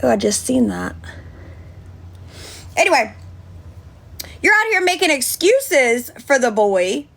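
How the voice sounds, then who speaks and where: High-voiced woman ranting on a livestream, voice jumps all over, thanks people in chat. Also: big pitch swings, takes it slowly, vocal fry, pauses often, fairly bright tone. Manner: chatty, thanks viewers by name, indignant. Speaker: livestream host.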